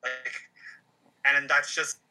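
A co-host with an Appalachian accent chatting casually in an animated, expressive way, with lots of "like". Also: mid-range voice, takes it slowly, low-quality recording. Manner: animated and expressive, frequent "like" fillers. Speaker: podcast co-host. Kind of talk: casual chat.

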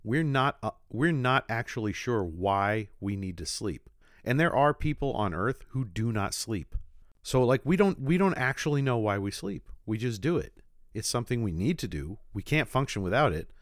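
A man co-hosting a casual podcast, giving measured critiques and getting worked up over odd facts. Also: mid-range voice, expressive, no echo, studio quality. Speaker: podcast co-host. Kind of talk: casual chat.

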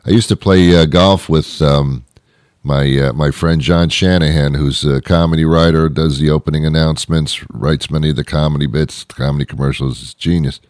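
A man's voice: extremely low pitch, fairly even intonation, moderate pace, darkish tone, dry recording, studio quality. A man hosting a comedy show, delivering a rambling comic monologue with frequent restarts and mock outrage.

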